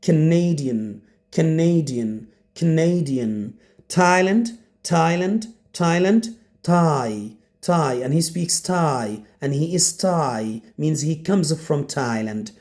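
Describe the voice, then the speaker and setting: Slow, repetitive male English teacher. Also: fairly high pitch, lively intonation, a little mellow. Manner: slow, repeats each word several times for learners. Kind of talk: beginner English lesson.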